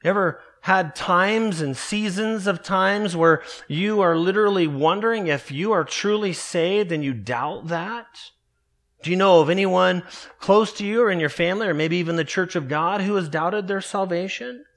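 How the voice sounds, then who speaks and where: A man preaching a morning sermon, earnest and emphatic, slowing down to stress key words. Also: high-pitched, fairly bright tone. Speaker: pastor.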